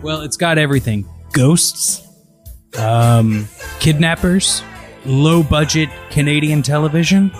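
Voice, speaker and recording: A man's voice: on the high side, takes it slowly, soft background music. A man co-hosting a casual movie podcast, with dry, wry humor. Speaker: podcast co-host.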